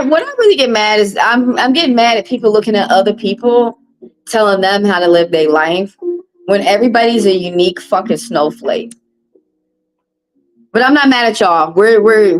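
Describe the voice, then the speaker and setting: Woman, tarot live-stream host, blunt, preachy, swears freely, repeats herself, mid-pitched voice. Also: animated, normal speed, faint music behind, poor audio. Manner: blunt, preachy and profane, repeating phrases for emphasis. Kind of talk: casual live-stream monologue.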